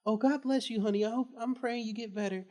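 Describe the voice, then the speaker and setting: A woman's voice: steady tone, fast, mellow, lightly acted. A young man putting on a doting older lady teacher. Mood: doting concern. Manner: fussing, high and gushing. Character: sweet older woman substitute teacher, doting.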